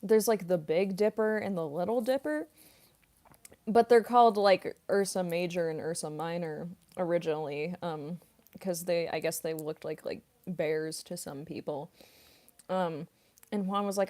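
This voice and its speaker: Slow-talking young woman chatting on stream. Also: on the low side, warm tone. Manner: rambling, frequent fillers and giggles. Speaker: voice actress and singer streaming. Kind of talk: casual livestream Q&A chat.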